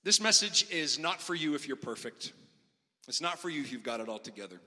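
A middle-aged male pastor delivers a sermon in a big church hall, his voice sitting a little high and sounding very bright. He tells stories with sudden swings in loudness, and a long reverb trails after every line. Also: big pitch swings, a little fast.

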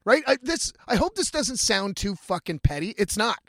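High-pitched male storyteller, cusses freely, animated, acts out every quote. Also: moderate pace, vocal fry, dry recording, clean studio sound. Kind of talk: profane casual storytelling.

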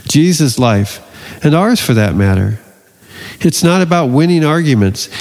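A man's voice: fairly high pitch, darkish tone, long reverb tail. A man preaching a sermon, telling the story with playful jokes. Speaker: pastor.

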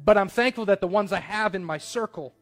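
A man's voice: high voice, fairly quick, a bit bright, soft background music. A man preaching a sermon to his church, telling a personal story in a conversational, earnest way. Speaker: pastor.

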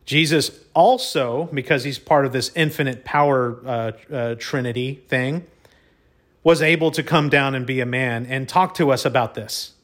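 A man telling a personal story in a casual monologue, excitable, often stumbling and repeating his words, peppered with "y'all" and mild cussing. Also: medium pitch, normal speed.

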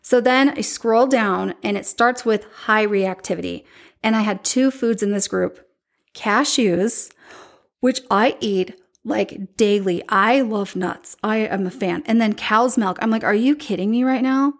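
A woman's voice: medium pitch, measured pace. Chatty woman telling a personal story. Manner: chatty and candid, breaks into animated quoted voices. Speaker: podcast host.

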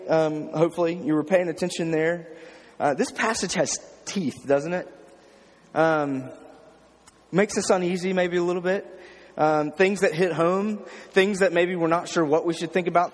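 A man's voice: a little high, long reverb tail. A man preaching an informal sermon, often checking in with the listeners. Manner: talks informally, checks in with "okay?" and "right?". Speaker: pastor. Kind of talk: conversational sermon.

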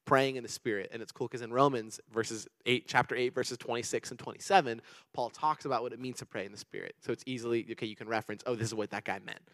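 Young man, pastor, casual sermon, rambling and animated, rapid talk, mid-range voice. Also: mid-range voice, no room sound. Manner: animated, rambling storyteller with many restarts. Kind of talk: casual sermon with personal stories.

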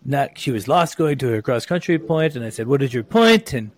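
A man imitating an older male Italian flight examiner with a thick, admittedly poor Italian accent that drifts toward French, telling an animated story. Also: mid-range voice, fairly quick. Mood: amused. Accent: Italian, exaggerated.

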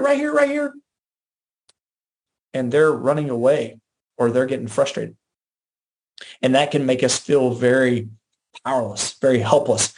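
A man's voice: medium pitch, darkish tone. A man hosting a podcast, giving faith-based relationship teaching in an earnest way, with repeated phrases and frequent restarts. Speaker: podcast host.

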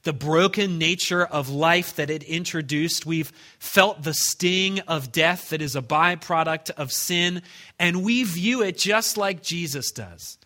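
A man preaching a sermon to his congregation, telling a story earnestly with frequent restarts and dropping soft on key lines. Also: a little high, takes it slowly. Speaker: pastor.

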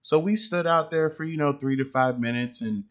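A man's voice: on the high side, moderate pace, a bit bright. A young adult man telling a personal parenting story in a casual monologue, rambling and slangy, with lots of fillers and restarts. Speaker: father podcaster.

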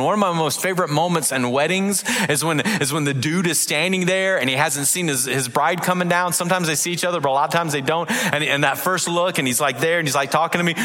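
Animated pastor preaching in a big hall. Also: male voice, a little high, quick pace, few pauses. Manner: animated, acts out voices and reads scripture aloud. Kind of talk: sermon.

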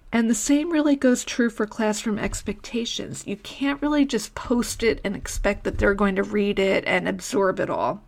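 A woman's voice: medium pitch, creaky, breathy edge. A woman teacher hosting her own podcast, giving frank, matter-of-fact classroom advice in a conversational way. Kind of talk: solo podcast advice talk.

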